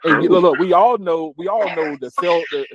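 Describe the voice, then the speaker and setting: A man's voice: on the high side, a little fast, husky, dull audio. A man hosting a casual tech talk show, jokey and slangy, often repeating words as he gets going. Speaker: host.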